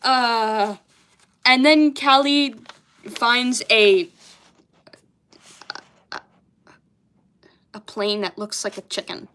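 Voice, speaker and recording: A woman's voice: fairly high pitch, extremely slow, pauses often, sharp tone, smooth. A young woman in casual chat, bemused, swearing often and laughing at herself as she goes through old childhood drawings. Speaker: artist reviewing her childhood comics.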